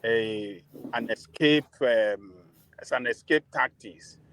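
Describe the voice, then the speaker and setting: A man calling into a live discussion, earnest and halting, restarting his sentences. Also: mid-range voice, fairly bright tone, a little hiss or hum, poor audio. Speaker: caller.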